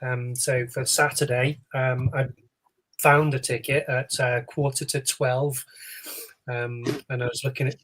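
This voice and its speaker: A man's voice: medium pitch, level tone, measured pace, a bit bright, low-quality recording. Hesitant young male panelist. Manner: hesitant, lots of fillers. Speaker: podcast panelist. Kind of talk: casual podcast chat.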